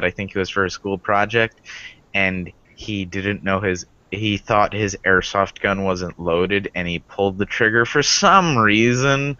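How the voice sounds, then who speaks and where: A man's voice: on the low side, pushed and bright, clear, resonant tone, no echo. A man in casual podcast chat who cracks puns and laughs at his own jokes. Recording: dry muffled lo-fi call audio.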